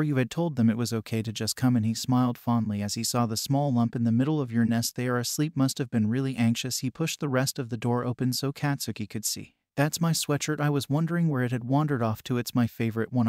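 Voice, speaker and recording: A man narrates a written story, text messages and all, in a steady, flat reading voice. His pitch sits in an ordinary middle range. The recording is dry, with no room sound around him. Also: no room sound. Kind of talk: scripted fan fiction reading.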